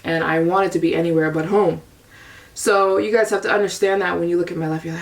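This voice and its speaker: A woman's voice: on the low side, steady tone, quick pace. A young adult woman from the US telling a candid, rambling personal story as a vlogger, her voice a little distant from the mic. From United States. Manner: confessional, rambling, frequent repeats.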